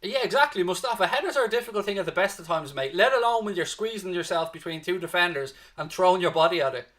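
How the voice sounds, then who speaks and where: Speaking fast in a high-pitched Dublin accent, an Irishman hosts a fan watchalong, calling the match live with plenty of energy. He chats with viewers, swears freely, and keeps urging everyone to stay positive.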